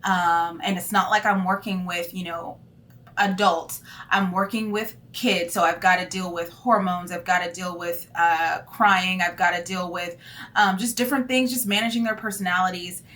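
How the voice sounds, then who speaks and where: A teacher in her thirties talks candidly and animatedly in a casual vlog, using plenty of fillers. She speaks at normal speed with a fairly low pitch.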